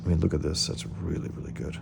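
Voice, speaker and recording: A man's voice: low-pitched, fast, vocal fry, heavy background noise. A man who is a comic artist, casually talking through comic pages, hesitant, with many fillers and restarts.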